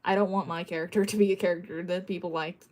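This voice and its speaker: While drawing, a woman streamer chats casually with her live chat, giggling often, joking around, and now and then breaking into playful mock yelling. Her voice is on the low side and steady, and she talks fast.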